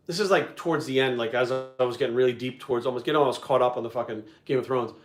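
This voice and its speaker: Fast-talking profane male storyteller. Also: medium pitch, faint music behind. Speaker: video creator and host. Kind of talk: casual storytelling chat. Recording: echoey room.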